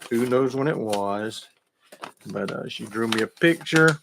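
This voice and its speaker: Middle-aged man, folksy radio host, friendly chat with listeners, mid-pitched voice. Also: animated, unhurried, background noise.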